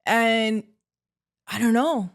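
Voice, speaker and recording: Middle-aged Miami woman, podcast guest, playful, higher-pitched voice, quick to go comic. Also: creaky. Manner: playful, jumps into loud comic bits. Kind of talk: casual podcast chat. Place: podcast studio.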